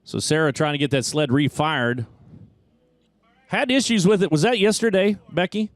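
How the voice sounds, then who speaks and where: Fast-calling male race announcer. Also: on the high side, no echo. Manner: fast, excited race calling with track jargon. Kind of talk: play-by-play commentary.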